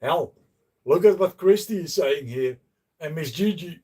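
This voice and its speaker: A man's voice: on the high side, expressive, measured pace, mellow, breathy edge, far from the mic. A man chatting to viewers on a casual livestream, blunt and joking, swearing freely. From Netherlands. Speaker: livestreaming host. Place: outdoors by a canal.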